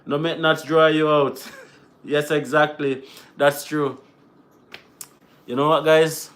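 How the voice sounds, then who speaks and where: A man's voice: a little high, flat delivery, slow, long pauses, fairly bright tone. A man hosting a live Q&A stream, chatting casually, laughing often and slipping into patois as he reads viewer comments aloud.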